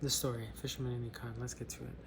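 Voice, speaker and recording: A man's voice: medium pitch, little pitch movement, racing, background noise. A man hosting a casual book club vlog, rambling, joking and interrupting himself before reading a story. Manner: loose, joking, self-interrupting.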